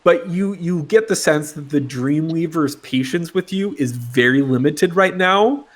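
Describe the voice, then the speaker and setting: A man narrates a tabletop game as its game master, taking his time. His delivery is unhurried and halting, with pauses and fillers between phrases. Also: on the high side.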